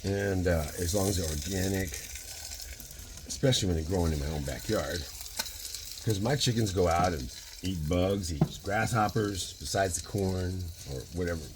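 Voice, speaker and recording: A man's voice: sits low, background noise. A man in his sixties with a Michigan accent, chatting casually in his home kitchen while cooking, rambling into philosophical tangents and speeding up in bursts. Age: 60s. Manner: talks fast in bursts. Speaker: vlogger.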